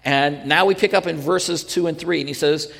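A man's voice: a little high, moderate pace, gravelly, fairly bright tone, big-room sound. A male pastor teaching a sermon in earnest, pressing the point with rhetorical questions and restarting his sentences.

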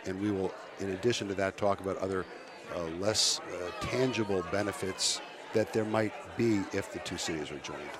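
A man interviewed on radio as a guest speaker, coming down with a cold, explaining things thoughtfully with halting restarts. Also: deep voice, a crowd in the background. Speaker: guest speaker, commission chair.

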